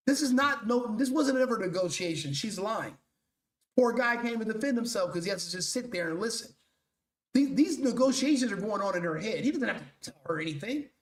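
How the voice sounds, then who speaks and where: A man's voice: high voice, expressive, brisk, roomy sound. A male show host delivering a blunt, profane, mocking commentary rant.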